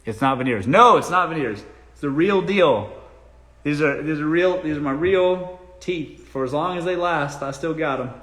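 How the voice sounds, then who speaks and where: A man with a Southern drawl hosts a relaxed live Q&A from home. His advice comes out blunt and salty, full of swearing and teasing. The room around him rings with a noticeable echo. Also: on the high side, normal speed. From South Carolina. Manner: blunt, profane, joking. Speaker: live-stream host answering dating questions. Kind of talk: casual live-stream Q&A.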